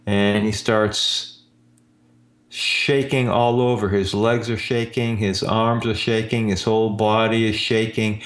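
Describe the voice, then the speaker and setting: A man hosting a show as an energy healer, telling a client story in a slow, drawn-out way. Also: on the low side. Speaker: energy healer radio host. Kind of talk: storytelling monologue. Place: Austin, Texas.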